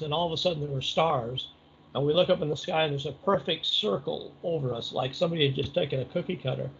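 A man's voice: a little high, a bit bright, highs cut off, a little hiss or hum. A middle-aged man telling a long story in a rambling, conversational way, full of fillers. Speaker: interview guest. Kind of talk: casual storytelling.

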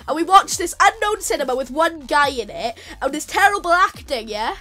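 A woman's voice: sits high, lively intonation, normal speed, bright, forceful tone. A woman telling a funny story to friends over gameplay, giggling as she talks. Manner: giggly, laughs through her story. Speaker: storyteller and channel host.

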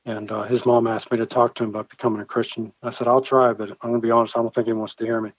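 A man's voice: mid-range voice, flat delivery, very fast, no echo. Earnest man telling a church story. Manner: earnest, vivid storyteller who acts out his own quoted dialogue. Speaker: church pastor. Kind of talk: personal storytelling in an interview. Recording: dull, slightly lo-fi dry recording.

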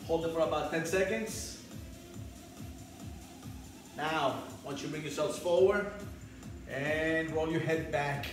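A man's voice: on the high side, heavy reverb, recorded from a distance, rough recording. A man leading a spin class, calling out counts and cheering riders on, a little out of breath. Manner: shouted counts and pep calls over music. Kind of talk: fitness class coaching. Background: loud workout music.

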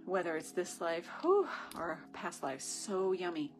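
A woman's voice: on the low side, big pitch swings, measured pace, soft background music. A woman leading a live-streamed ritual, talking to viewers through a phone camera. She is effusive and rambling, with gushing asides. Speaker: spiritual ritual leader.

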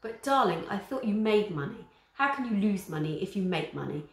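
A woman reading aloud, voicing a fussy, excitable grand Roman lady who gushes and calls everyone darling. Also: medium pitch, brisk, roomy sound. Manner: gushing, says darling a lot.

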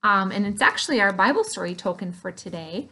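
A woman teaching an online preschool Bible lesson, animated and playful, gasping in delight as she talks to small children. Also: mid-range voice, brisk, husky.

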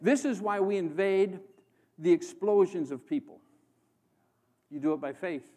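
A man from the American Midwest preaches a sermon in a church with a fairly high voice. He talks slowly and deliberately, rising into loud proclamations and then dropping to near hushes for emphasis. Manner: impassioned, dramatic swings between loud proclamation and hushed emphasis. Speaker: guest preacher.

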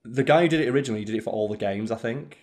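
A man's voice: medium pitch, very fast, a little mellow. Chatty, opinionated man. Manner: chatty, opinionated, swears casually. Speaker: co-host of a let's play. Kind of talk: casual gaming chat.

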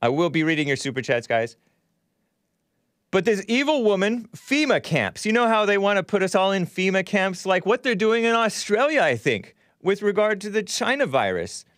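Animated man hosting a livestream. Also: high voice, a little fast, hardly any pauses, no room sound, clean studio sound. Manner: animated, reacts aloud with exclamations and laughs; chatty, addresses viewers directly. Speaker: livestream host. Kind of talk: casual livestream commentary.

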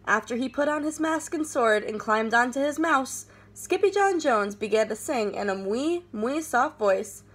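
A teacher reading a picture book aloud to her class with expressive, animated storytelling. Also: sits high, a little slow, husky.

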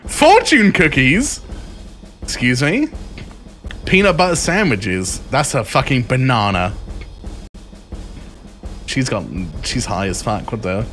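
A man's voice: medium pitch, expressive, a little slow, long pauses, faint music behind. A young man streaming live, reading items aloud and reacting with crude, joking remarks. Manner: crude, joking, reacts loudly to each item.

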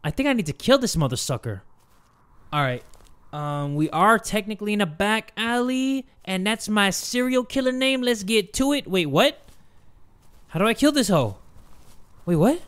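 A man giving let's play commentary as a gaming YouTuber, loud and jokey, swearing often. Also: high voice, sing-song, normal speed, pauses often, a little hiss or hum.

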